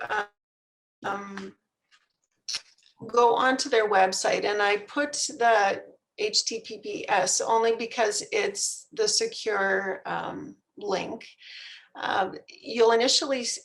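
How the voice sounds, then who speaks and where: A woman's voice: medium pitch, gravelly, a bit bright, poor audio. A woman who works in health care, explaining a service with many fillers. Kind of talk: answering questions.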